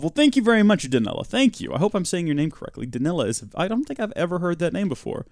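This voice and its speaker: A man's voice: high-pitched, very animated, quick pace, few pauses, a little mellow, no echo. Young male game streamer, dry close mic, chatty and self-mocking. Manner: chatty, self-mocking, answers chat as he plays. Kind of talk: casual live-stream commentary while playing.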